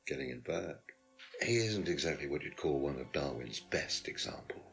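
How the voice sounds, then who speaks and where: A man's voice: very deep voice, expressive, moderate pace, gravelly, a bit bright, faint music behind, heavily acted. An actor playing a smug, condescending male lecturer who is questioned as a suspect in a detective video game, pompous and dismissive. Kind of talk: FMV game acting.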